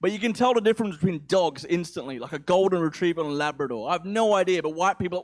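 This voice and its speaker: High-voiced comic, English-Australian accent. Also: male voice, animated, fast talker, hardly any pauses. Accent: mixed English and Australian. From England. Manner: rambling, profane, self-mocking. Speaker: stand-up comedian. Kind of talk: stand-up comedy set.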